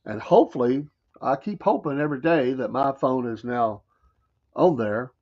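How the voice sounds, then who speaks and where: Speaking at a normal speed in a medium pitch, this Southern American man runs a morning talk show with a casual talk radio monologue. He riffs folksily and wryly, dropping mocking asides, and the recording has its highs cut off.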